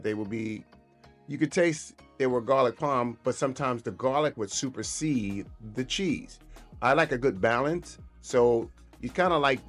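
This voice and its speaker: A man hosting his own cooking video, chatting casually and repeating himself while he shows the dish. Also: fairly low pitch. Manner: relaxed, chatty, repeats and restarts phrases. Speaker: cooking show host.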